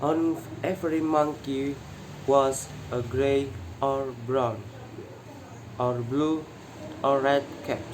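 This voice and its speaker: A male student reads a children's story aloud in a halting, careful way, stopping to correct himself. His pace is very slow. A steady air-conditioner hum sits behind the voice. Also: mid-range voice. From Indonesia.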